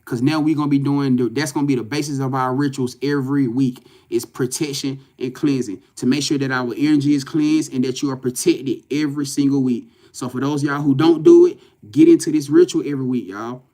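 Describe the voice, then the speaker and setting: A man's voice: medium pitch, fairly even intonation, brisk, hardly any pauses, mellow. A man, talking loosely to livestream viewers as a spiritual reader, swearing and often saying "you know what I'm saying". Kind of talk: casual livestream talk to viewers. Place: in front of a camera at home.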